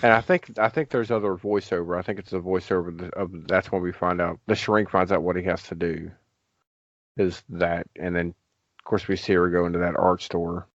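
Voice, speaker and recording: Male podcast host, very low pitch, dry dull sound, rambling recap delivery. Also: steady tone, a little fast, no echo. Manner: rambling recap with frequent fillers and hedges. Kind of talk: casual movie discussion.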